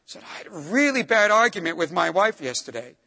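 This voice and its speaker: A middle-aged man preaching a sermon, emphatic, pushing up on stressed words and dropping low and soft for asides. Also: very animated, quick pace, creaky, in a large hall.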